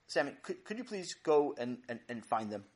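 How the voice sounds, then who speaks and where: A man's voice: medium pitch, sing-song, normal speed, darkish tone, lightly acted. A man voicing a patient, joking father who stammers a little and calls out.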